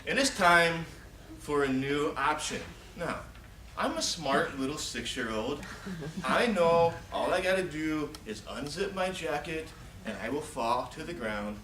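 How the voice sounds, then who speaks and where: A man in his forties delivers a funny contest speech, his pitch sitting a bit high and leaping about as he acts out each moment. He takes his time over the lines. He is picked up from well back in a reverberant hall, with clear noise under the voice. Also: measured pace. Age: 40s. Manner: animated, acts out scenes and shouted pleas. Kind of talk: humorous storytelling speech. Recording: echoey hall, distant mic, noisy.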